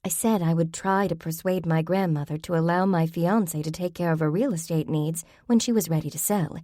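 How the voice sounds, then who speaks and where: A woman's voice: on the low side, fairly quick, mellow, dry recording, studio quality, lightly acted. A woman voicing a whiny, pleading young woman. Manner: pleading, whining.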